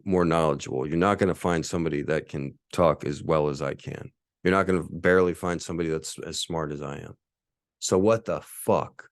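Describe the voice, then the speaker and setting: A man in his forties hosts a podcast, launching into a profane, boastful, combative rant. His voice sits low, and the recording is dry and studio quality.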